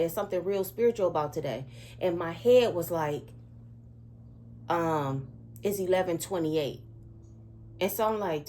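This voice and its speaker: A middle-aged woman, a spiritual seer, telling a dream in an emotional, repetitive way and often pausing to ask "okay?". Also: mid-range voice, a little mellow. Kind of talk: spiritual storytelling monologue.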